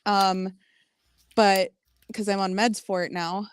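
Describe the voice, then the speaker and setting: A woman's voice: medium pitch, little pitch movement, slow, smooth, dry recording. A woman joining a live stream as a guest, talking casually with many ums and some swearing.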